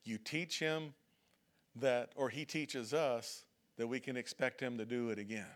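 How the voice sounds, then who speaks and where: A man's voice: mid-range voice, fairly even intonation, measured pace. A male pastor preaching a sermon in a church, talking conversationally, often checking in with "okay?" and acting out prayers and whining voices. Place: church sanctuary.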